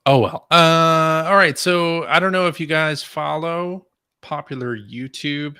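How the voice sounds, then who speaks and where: A man's voice: on the high side, unhurried, bright, forceful tone, clean tone, dry recording, clean studio sound. A man hosting a casual gaming podcast, upbeat as he brings up new topics. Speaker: podcast host. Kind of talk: casual chat.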